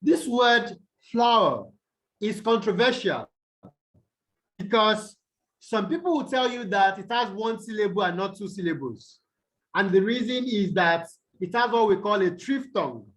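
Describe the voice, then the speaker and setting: A man tutoring English pronunciation over a video call, asking questions and answering them himself, and repeating words slowly to show where the stress falls. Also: high-pitched, expressive, a bit bright, rough recording. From Nigeria. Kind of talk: online tutorial lesson.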